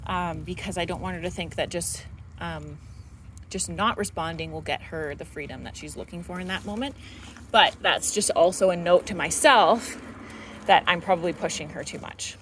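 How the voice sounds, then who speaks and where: A woman's voice: lowish voice, moderate pace. Woman trainer talking over traffic noise. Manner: explains steps, then gives the dog soft cues and praise. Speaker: dog trainer. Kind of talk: outdoor training demonstration. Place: outdoors near a road. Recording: outdoor noise, passing vehicles.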